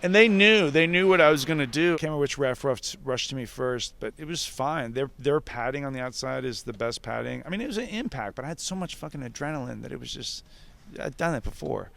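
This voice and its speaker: A man telling a story in casual, animated talk, swearing freely and acting out what others said. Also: medium pitch, a little fast, gravelly. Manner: animated, profane, laughs often, acts out others' lines. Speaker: wrestling veteran guest.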